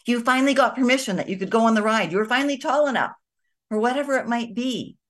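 A woman hosting a show, talking to her viewers in a gentle, conversational way. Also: fairly high pitch, fast. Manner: gentle, conversational, with soft emphatic asides. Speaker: host of a kindness and energy show. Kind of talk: reflective spoken talk to viewers.

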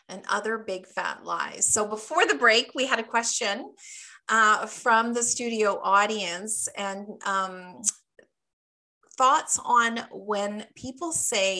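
Woman, middle-aged, radio host and coach; bright voice, casual storytelling patter. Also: medium pitch, slow pace. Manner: chatty, animated storytelling with acted quotes.

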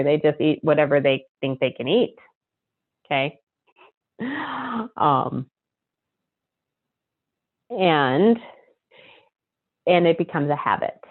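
A middle-aged woman talks her listeners through dog behavior in a chatty, teaching way. Her voice sits a little low, and the sound is thin and phone-like. Now and then she murmurs a set phrase quickly and softly. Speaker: animal behavior consultant. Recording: tinny phone-like line.

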